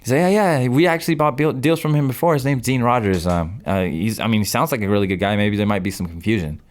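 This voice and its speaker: Talking fast at a medium pitch, a twenty-something podcast guest who invests in real estate tells a casual story. Along the way he reenacts his own past phone calls.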